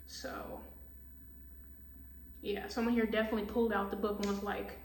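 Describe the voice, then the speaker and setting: A woman's voice: mid-range voice, level tone, normal speed, pauses often, darkish tone, far from the mic, slight background noise. A woman giving a casual tarot reading, blunt and profane, ranting heatedly. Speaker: tarot reader. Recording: echoey room, voice off-mic.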